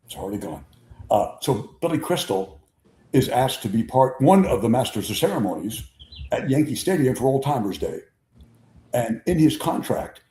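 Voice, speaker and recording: An older man hosting a sports talk show, telling stories in an animated, casual way and acting out quotes. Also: mid-range voice, a little hiss or hum. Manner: animated raconteur, acts out quotes. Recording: echoey room.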